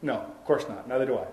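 A man's voice: medium pitch, darkish tone. A man preaching a sermon as a pastor, in a conversational way with many rhetorical questions.

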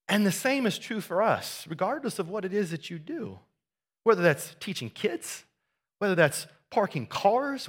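Bright-voiced animated male preacher. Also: on the high side. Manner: animated preaching, swings from loud emphasis to hushed tenderness. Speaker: pastor. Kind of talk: sermon.

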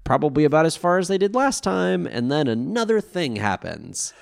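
Man, podcast co-host, animated pitch, dry close sound, casual recap, swears a lot. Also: moderate pace, gravelly, dry recording. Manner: animated, swearing, acts out quotes.

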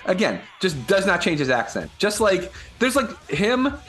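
A man co-hosting a casual podcast, talking with animated energy and frequent swearing. His pitch swoops up and down a lot as he gets worked up, and he laughs readily between points. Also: normal speed, soft background music. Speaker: podcast co-host. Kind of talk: casual chat.

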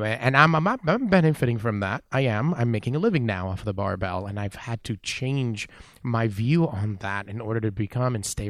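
Lively, low-voiced man telling a story. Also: dry recording, studio quality. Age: around 40. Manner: animated storyteller, acts out dialogue, says "man" a lot. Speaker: weightlifting coach. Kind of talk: storytelling in a podcast interview.

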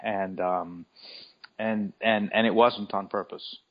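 A middle-aged man from Alabama, low-pitched, telling anecdotes in a relaxed interview. He stammers and restarts often, and the recording sounds a little dull. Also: slow pace. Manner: storytelling, many stammered restarts. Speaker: guest, children's author. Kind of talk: casual interview chat.

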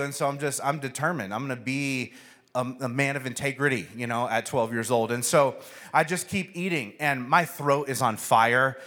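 A man preaching a sermon, telling a funny story with acted-out voices. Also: normal speed. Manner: storytelling, acts out voices with animated pitch jumps. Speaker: pastor.

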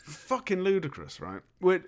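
A man tears into a film in casual podcast chat. He swears freely and sounds sarcastic, and his fairly high voice swings widely in pitch. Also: wildly swooping pitch, normal speed. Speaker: podcast co-host.

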